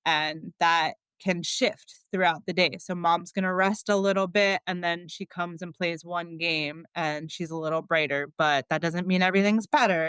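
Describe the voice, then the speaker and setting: A woman's voice: lowish voice, a bit bright, clear, resonant tone, no echo. A woman guest on a podcast, telling her story in a candid, chatty way, with many filler words and frequent laughs.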